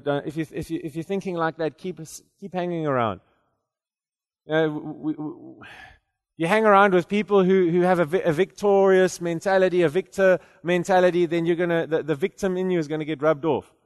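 A man with a slightly high voice preaches a sermon in a large hall, speaking fairly quickly. His delivery is conversational, with frequent repeated words, and builds to emphatic declarations.

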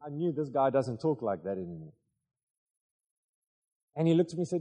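A male preacher telling a story in a sermon, animated and halting, with many restarts. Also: mid-range voice, long reverb tail.

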